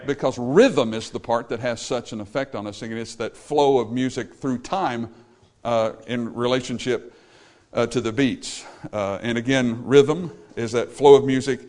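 A man with a medium-pitched, darkish voice preaches a sermon on music at a moderate pace with fairly even intonation. He addresses the congregation directly and emphatically, now and then singing a short phrase to illustrate.

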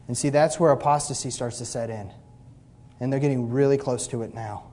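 A male pastor preaching a sermon, emphatic, swinging between loud stresses and quiet asides, with a mocking edge. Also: mid-range voice, brisk. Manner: mocks complainers with blah-blah asides.

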